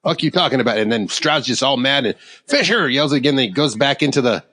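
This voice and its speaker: Animated man spinning a rambling yarn. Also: medium pitch, fairly quick. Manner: rambling, animated, laughs through his story. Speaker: podcast co-host. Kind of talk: casual storytelling. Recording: long hall reverb.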